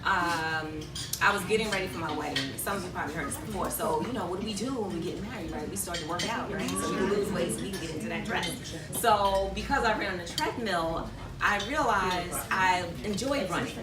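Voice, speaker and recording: A woman's voice: fairly low pitch, fairly quick, loud music behind the voice. A woman in her fifties telling a running group her story, giggling and poking fun at herself. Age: 50s. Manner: giggly, self-deprecating. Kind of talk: personal testimony to a group. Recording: echoey room from far off, with loud crowd and noise.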